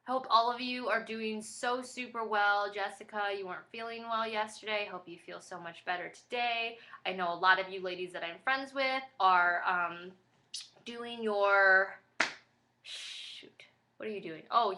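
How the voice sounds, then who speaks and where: A woman's voice: mid-range voice, bright, forceful tone. A woman vlogging a casual pregnancy update, rambling and chatty with lots of fillers, tired and a bit flustered.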